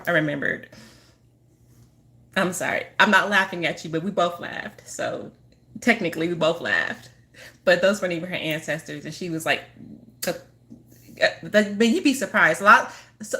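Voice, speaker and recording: This is a woman with a bright, ringing voice at an ordinary middle pitch. She talks loosely to her audience as a spiritual healer. She wanders off track, restarts her sentences often, and keeps breaking into giggles. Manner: apologetic giggling asides. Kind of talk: casual chat to camera.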